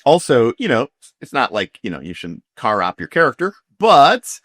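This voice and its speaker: A man's voice: mid-range voice, very animated, moderate pace, fairly bright tone, dry recording, studio quality. A man running a tabletop game, explaining rules in a rambling way with many fillers and restarts. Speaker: game master. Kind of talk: casual tabletop game chat.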